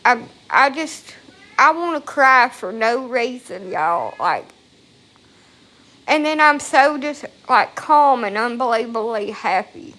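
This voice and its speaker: A woman with a slightly high, sharp, expressive voice speaks slowly into her phone at home. She's a vlogger, and her indoor chat is casual, rambling and emotional, with lots of swearing.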